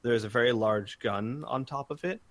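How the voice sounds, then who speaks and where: A man's voice: mid-range voice, normal speed, a bit bright. A man narrating as game master in a casual tabletop game, hesitant and full of fillers.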